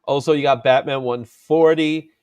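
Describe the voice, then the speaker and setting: A man hosting a casual comic book chat, animated and laughing often, drawing out his exclamations. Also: medium pitch, normal speed, smooth, no room sound. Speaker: comic book show host.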